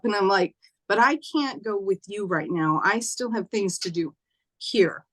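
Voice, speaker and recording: Woman guest, mid-pitched, halting, emotional storytelling. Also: animated. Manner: halting, acts out dialogue softly.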